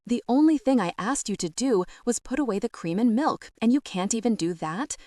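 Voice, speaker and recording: A woman's voice: fairly high pitch, lively intonation, fairly quick, no room sound, pitched above the performer's own voice, close to an everyday voice. A woman reading an audiobook, voicing a frustrated young man who scolds his father sharply. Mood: exasperated. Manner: sharp and exasperated, then gentle.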